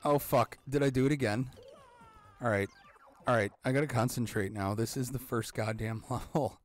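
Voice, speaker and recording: A man in his thirties hosting a let's-play, excitable and rambling, swearing often and breaking into sudden yelps. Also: mid-range voice, moderate pace, faint music behind. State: out of breath. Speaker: gaming channel host.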